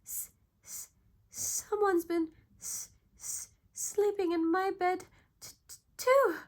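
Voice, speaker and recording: A woman voicing a timid little baby bear cub in a bedtime story, squeaky, sulky and stuttering. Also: very animated, a little slow, exaggerated voice. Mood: scared, stuttering.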